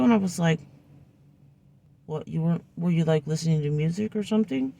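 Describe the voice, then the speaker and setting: A woman's voice: lowish voice, brisk, vocal fry, pauses often, dark tone. A woman telling a personal story in a casual vlog, acting out the people in it, recorded on a phone in her car.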